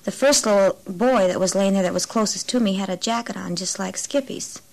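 A woman's voice: mid-range voice, vocal fry, darkish tone. Mother telling a painful memory. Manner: emotional, halting retelling. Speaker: mother of an injured boy. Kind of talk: interview testimony.

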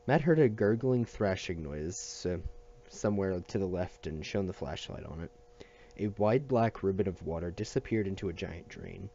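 Low, dark-voiced man reading a novel. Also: moderate pace, dull audio, a little hiss or hum. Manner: steady reading with small restarts and slips. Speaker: audiobook reader.

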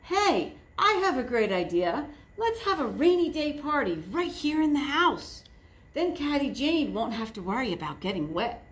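A woman reading a storybook aloud, voicing an excited, bubbly little piglet girl who talks eagerly and bounces with ideas. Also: sits high, normal speed, pitched above the performer's own voice.

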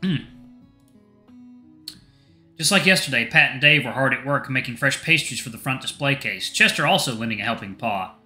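A man reading a visual novel aloud as host of a gaming channel, narrating in an animated, expressive way. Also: medium pitch, moderate pace, long pauses, echoey room, faint music behind.

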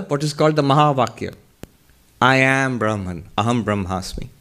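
A monk and spiritual teacher answering questions in a lecture. He speaks in a measured, explanatory way and laughs now and then. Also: mid-range voice.

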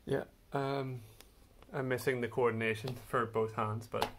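A man with a medium-pitched voice and steady tone speaks a little slowly, with faint background noise in the recording. Hosting a casual vlog, he explains an instrument hesitantly and uses many fillers.

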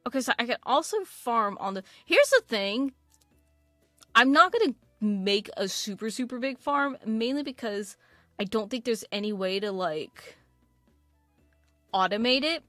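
A woman's voice: a little high, animated, unhurried, pushed and bright, no room sound, faint music behind. A woman giving casual, rambling let's-play commentary while playing a video game, full of fillers and restarts. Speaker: gaming video creator.

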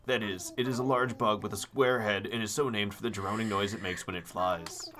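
A man's voice: on the low side, fairly even intonation, a little fast, background noise, natural voice. A man doing a fussy old owl curator. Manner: fussy, old-fashioned, formal. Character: pompous elderly male owl museum curator. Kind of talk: playful game character voice.

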